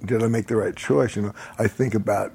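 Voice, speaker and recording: A man telling a long personal story in casual chat, rambling and animated, often laughing as he talks. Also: fairly low pitch, brisk, gravelly.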